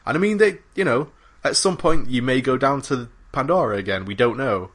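A man's voice: mid-range voice, expressive, brisk, fairly bright tone. A man co-hosting a gaming podcast, talking casually and rambling with many fillers and restarts. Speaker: podcast co-host. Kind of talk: casual chat about games.

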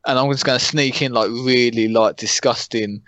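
A young man co-hosting a podcast, chatting casually in a flat, monotone way. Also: medium pitch, moderate pace, no echo. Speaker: podcast co-host. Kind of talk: casual chat.

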